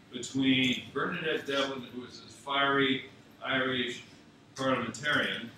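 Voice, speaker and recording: A man from Scotland telling anecdotes at a memorial, chuckling often as he speaks. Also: mid-range voice. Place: university theatre. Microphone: distant mic. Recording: echoey theatre, far mic, audience noise.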